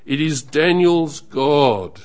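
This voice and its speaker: A man preaching a sermon in a measured, emphatic way, letting phrases trail off softly at the end. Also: fairly high pitch, expressive.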